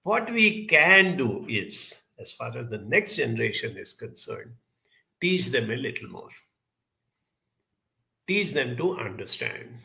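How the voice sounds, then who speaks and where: A middle-aged man talks earnestly to his listeners, with a bright, forceful voice. He tells his story and draws a lesson from it. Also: medium pitch, very animated, slow, gravelly. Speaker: speaker. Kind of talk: reflective talk with a personal story.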